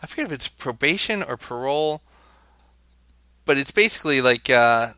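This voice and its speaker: An American podcast co-host speaks at normal speed in an animated, pushed and bright mid-range voice, with no room sound. His casual chat rambles loosely, full of fillers and frequent restarts.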